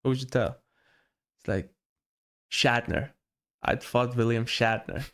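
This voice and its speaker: A man's voice: medium pitch, a little slow, gravelly, fairly bright tone. A man co-hosting a casual podcast, rambling about movies and quoting lines from them. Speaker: podcast co-host. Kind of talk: casual chat.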